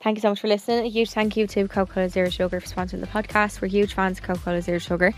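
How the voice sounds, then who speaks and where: A woman's voice: medium pitch, level tone, racing. A young woman co-hosting a podcast in casual chat, also reading out sponsor lines. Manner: chatty, reads sponsor lines. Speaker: podcast co-host.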